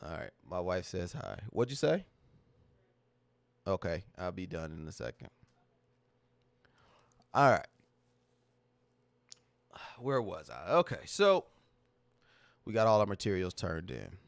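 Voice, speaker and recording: A man's voice: sits low, big pitch swings, slow, gravelly, pauses often, no room sound. A man hosting a livestream, talking casually to his chat in a candid, emotional, slang-heavy way that repeats itself. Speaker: livestream host.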